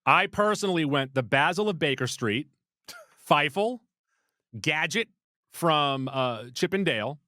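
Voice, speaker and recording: A man's voice: fairly high pitch, lively intonation, a little slow, pushed and bright, dry recording, studio quality. A man co-hosting a movie podcast, chatting casually and playfully. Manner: playful, jokey, rattles off lists. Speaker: podcast co-host. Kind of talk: casual chat.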